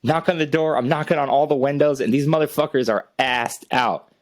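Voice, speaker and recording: A man's voice: medium pitch, fairly quick, dry recording. A young adult man, co-hosting a casual podcast, telling a rambling, profane story and laughing often. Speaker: podcast co-host.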